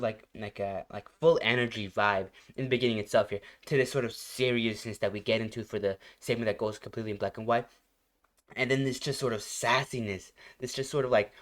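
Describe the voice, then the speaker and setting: A man's voice: mid-range voice, a bit bright. Gushing, rambling young man reacting. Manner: gushing, rambling, searching for words; laughs often between phrases. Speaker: reaction channel host. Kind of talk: casual reaction commentary.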